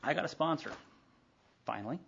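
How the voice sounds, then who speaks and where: A man's voice: fairly high pitch, expressive, brisk, creaky, a bit bright, slight background noise. A middle-aged man telling his recovery story to a meeting, candid and conversational, with many asides and acted-out dialogue. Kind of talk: personal recovery story told to a group. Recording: dull lo-fi tape of a live meeting talk.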